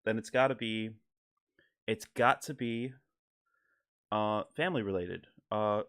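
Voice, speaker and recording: A man playing a calm, matter-of-fact doctor in a told joke. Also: fairly low pitch, a little slow, smooth. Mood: clinical. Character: calm, clinical adult male doctor.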